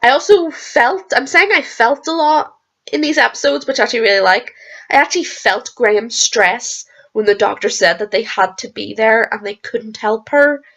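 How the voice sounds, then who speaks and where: A hoarse woman rambling excitedly in a casual reaction vlog, swearing freely and going off on tangents. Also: on the high side, normal speed. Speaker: video creator reacting to a TV episode.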